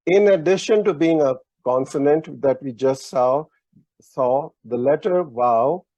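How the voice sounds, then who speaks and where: A man's voice: mid-range voice, dark tone, dry recording. A man teaching a language lesson, explaining patiently with many fillers and restarts. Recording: dull lo-fi online lesson audio.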